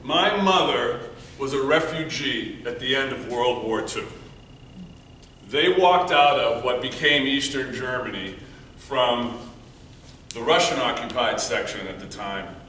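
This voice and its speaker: Man, contest speaker, earnest storytelling, bright tone, very echoey room, faint background noise. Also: mid-range voice, a little slow, recorded from a distance. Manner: earnest, shifts between loud emphasis and quiet hushed passages. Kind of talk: prepared storytelling speech. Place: meeting room before an audience.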